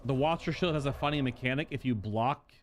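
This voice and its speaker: A man hosting a casual gameplay commentary, thinking out loud and bursting into exclamations. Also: medium pitch, brisk, slight background noise. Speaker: gaming host.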